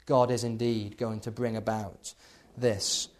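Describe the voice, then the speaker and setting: A man preaching a sermon, building to loud emphatic peaks and then dropping low. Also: level tone, unhurried.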